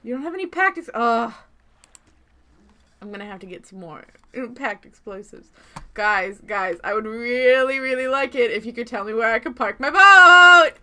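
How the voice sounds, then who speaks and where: Woman streamer, excitable, bright and a little high; gasps and squeals at the game, murmurs the game text quickly. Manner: excitable, gasping and squealing with delight. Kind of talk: gaming livestream chat and reading game text aloud.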